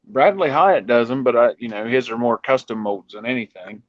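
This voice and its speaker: A man's voice: mid-range voice, normal speed, dry recording. Easygoing male host, dry dull audio. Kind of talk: casual call-in chat.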